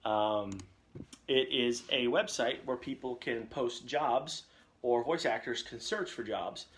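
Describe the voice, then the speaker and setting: A man's voice: mid-range voice, slow, a bit bright. A young man, a voice actor, chatting casually and joking with viewers during a live Q&A from his home recording setup on a condenser mic. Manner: chatty, jokey, reads out viewer comments. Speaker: voice actor hosting a live Q&A stream. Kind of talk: casual live-stream chat. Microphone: condenser microphone with reflection shield.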